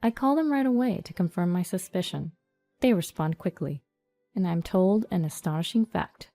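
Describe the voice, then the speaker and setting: A woman narrating a first-person story in an even, storytelling read. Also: lowish voice, moderate pace, no room sound. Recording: dry studio voice-over over soft music.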